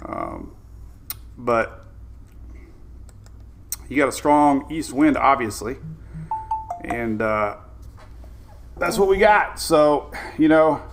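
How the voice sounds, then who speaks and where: A man's voice: medium pitch, huge pitch swings, drawn-out words, creaky, long pauses, a little hiss or hum. A man hosting a casual weather live stream, rambling cheerfully, greeting viewers by name and laughing often. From Florida.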